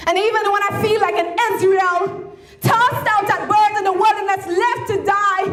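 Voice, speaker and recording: A woman performing an impassioned spoken word poem, at times shouting and lilting into a sing-song delivery. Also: very high-pitched, steady tone, normal speed. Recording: echoey room with faint ambient noise.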